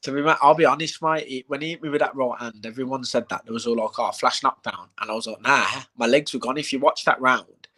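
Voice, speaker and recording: A man chats casually on a live stream, at a middling pitch, as he talks about his own fights. He tells animated stories, swears freely and acts out what people said. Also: fast, hardly any pauses. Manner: animated storyteller, heavy swearing, acts out quotes. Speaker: bare-knuckle fighter.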